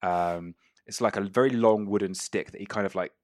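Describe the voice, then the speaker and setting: A man's voice: on the low side, fairly quick, no echo, studio quality. A man narrating a tabletop game as game master, rambling with many fillers and restarts.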